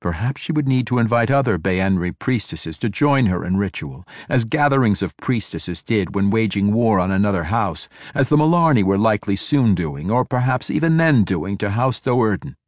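A man narrating a fantasy audiobook in a measured, even storytelling manner. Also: on the low side, no echo, clean studio sound.

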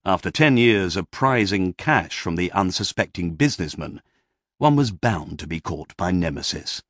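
A man's voice: sits low, expressive, normal speed, no echo. A man narrating a comic story in a dry, storytelling manner.

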